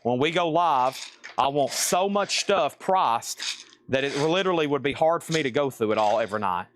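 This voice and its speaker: A man's voice: mid-range voice, animated, moderate pace, a bit bright, slight background noise. A man hosting a live record sale, talking in a casual, rambling, chatty way. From Tennessee. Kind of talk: live sales stream.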